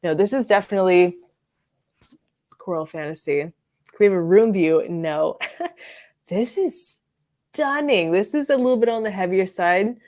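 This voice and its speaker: Speaking at a medium pitch and moderate pace, she has a darkish tone and lets long pauses hang between thoughts. She's a live stream host reviewing fragrances from her bedroom, rambling casually with many fillers and giggles.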